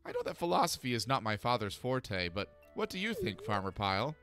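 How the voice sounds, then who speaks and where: A man's voice: mid-range voice, big pitch swings, a little fast, fairly bright tone, faint music behind. A man doing a prim young bookish woman. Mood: polite.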